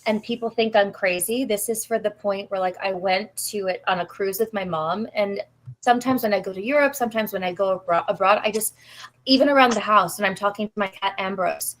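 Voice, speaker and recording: A woman's voice: medium pitch, fairly quick, a bit bright, low-quality recording. Woman, 40s, English accent, candid and confessional guest. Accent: English accent, adopted. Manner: earnest, emotional, confessional. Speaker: voice actress guest. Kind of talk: candid live-stream chat.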